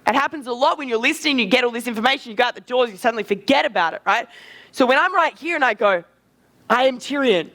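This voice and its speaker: Energetic man coaching a live seminar. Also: very high-pitched. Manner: energetic, casual, swearing, quick asides. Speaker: social skills coach.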